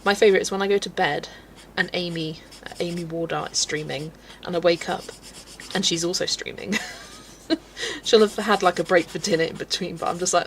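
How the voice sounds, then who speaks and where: A woman's voice: lowish voice, fairly even intonation, moderate pace, slight background noise, rough recording. A woman from England's West Country, chatting casually and laughing often as she reads out viewer comments while colouring on a livestream. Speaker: livestream host.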